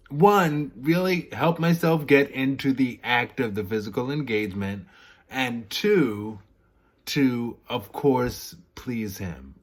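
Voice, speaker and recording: A man talks casually to his camera in an unhurried, leisurely way. He rambles from one thought to the next, cuts himself off, starts sentences over and chuckles at his own remarks. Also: medium pitch, fairly bright tone. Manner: rambling, self-interrupting, laughs at himself. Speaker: vlogger. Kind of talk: casual candid chat to camera.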